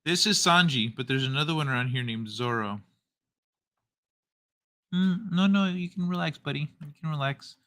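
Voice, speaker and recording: Male streamer host with a very bright voice, relaxed and foul-mouthed late-night chat. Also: a little high, moderate pace, pauses often. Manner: loose and profane, reading chat aloud.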